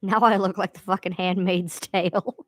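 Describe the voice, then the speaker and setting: A woman's voice: mid-range voice, flat delivery, normal speed, a bit bright, dry recording, studio quality. A woman chatting casually on a live stream from home, swearing freely and laughing at herself. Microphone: own streaming mic sounding odd.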